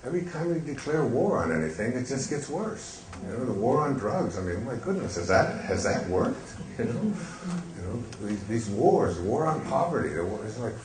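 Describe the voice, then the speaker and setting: An older man telling a story on stage in a gentle, reflective way, pausing with fillers. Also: medium pitch, sing-song. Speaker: speaker on stage. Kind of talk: storytelling talk. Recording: echoey hall, faint hiss.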